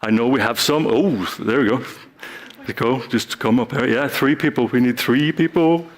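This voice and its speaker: A man's voice: medium pitch, moderate pace. A man giving a live talk on stage, playfully acting out short scenes with volunteers from the audience. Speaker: speaker.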